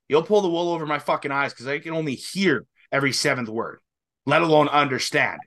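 Bright tense canadian guy co-hosting a podcast, rambly, laughs a lot. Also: a little high. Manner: rambling, swears casually, laughs often. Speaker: podcast co-host. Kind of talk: casual chat.

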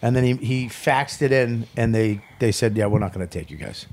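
Male comic co-host, casual and profane, animated storyteller. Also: medium pitch, fairly quick. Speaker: comedian podcast co-host.

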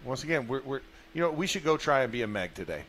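A man hosting a sports radio show, chatting in a jokey, excitable way. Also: mid-range voice, fast. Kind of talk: casual sports radio chat.

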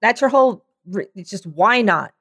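A woman co-hosting a podcast in casual chat. She sounds tired, with a scratchy throat. Her delivery is dry and deadpan. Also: medium pitch, moderate pace, breathy edge. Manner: deadpan, weary, dry humor. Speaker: podcast co-host.

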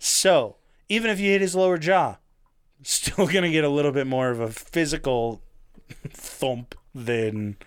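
A podcast co-host with a fairly high, clear and resonant voice recounts a true crime story at a measured pace. It's casual chat: he swears freely, laughs along the way, and his loose talk is full of restarts and fillers.

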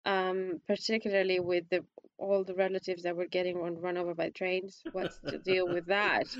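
A woman with a squeaky voice giving her take on a film in casual chat, hesitant, with many restarts, her pitch climbing when she stresses a point. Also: dull audio. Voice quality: self-described squeaky voice.

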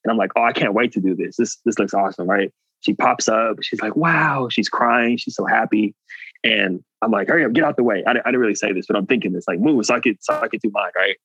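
A man's voice: lowish voice, fast, dry recording, dull audio. A man guest telling a personal story earnestly, acting out what people said. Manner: animated, earnest, acts out quotes. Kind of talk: casual storytelling.

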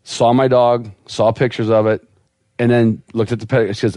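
A man at a middling pitch tells a rambling story with lots of laughter and energy. The sound is dry and close, with no room around it. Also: flat delivery, moderate pace, warm tone, no room sound. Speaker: podcast guest, dog breeder. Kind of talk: casual storytelling on a podcast.

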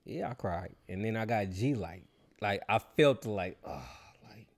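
A man chatting casually, telling a personal story in relaxed slang and acting out other people's voices. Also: fairly low pitch, a little slow, vocal fry. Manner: laid-back, slangy storytelling with animated quoted voices. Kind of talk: casual chat.

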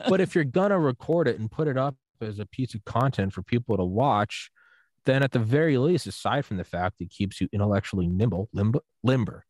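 Profane, animated man hosting a podcast. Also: medium pitch, a little fast, dry recording. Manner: profane, animated storytelling with acted-out quotes. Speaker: podcast host. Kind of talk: casual podcast chat.

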